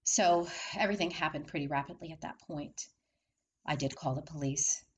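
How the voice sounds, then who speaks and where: A woman's voice: low-pitched, normal speed, husky, poor audio. A woman telling her own life story as a candid monologue, repeating phrases and asking the listener rhetorical questions. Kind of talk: personal testimony monologue.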